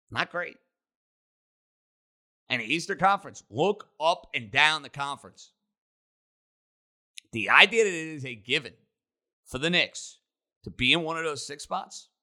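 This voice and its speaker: A man hosting a sports talk show, holding forth on the week's games. His voice is very bright and a touch high for a man. He fires off emphatic, punchy opinions. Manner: emphatic, rapid-fire opinions. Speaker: sports radio host.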